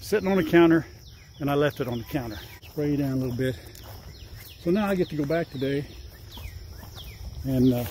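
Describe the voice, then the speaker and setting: A man's voice: a little high, fairly quick, pauses often, dark tone, a little hiss or hum. An older man chatting casually through a farm vlog outdoors, rambling and fondly coaxing his animals. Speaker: farm vlogger. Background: faint insects and crickets.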